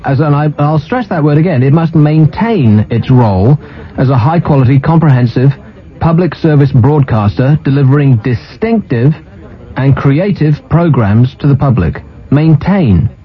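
Sardonic radio host, lively pitch. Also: male voice. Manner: sardonic, ranting, mocking. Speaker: radio talk show host. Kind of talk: casual on-air banter. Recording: muffled radio broadcast.

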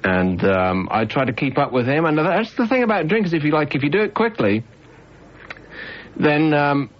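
A man's voice: fairly high pitch, sing-song, moderate pace. A man hosting a late-night radio phone-in, joking and teasing his callers in casual banter over a studio microphone. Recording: slightly dull radio broadcast sound.

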